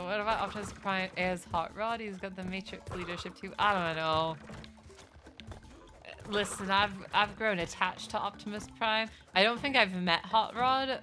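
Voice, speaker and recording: A woman's voice: medium pitch, pushed and bright. A young woman streaming a game live, rambling in casual, self-mocking chat with her viewers as she plays.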